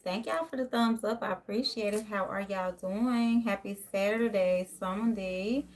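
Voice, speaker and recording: A woman's voice: medium pitch, unhurried, a little hiss or hum. A woman hosting a casual live tarot stream from home. She rambles in a loose, down-to-earth way and greets her viewers by name. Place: home, near a closet.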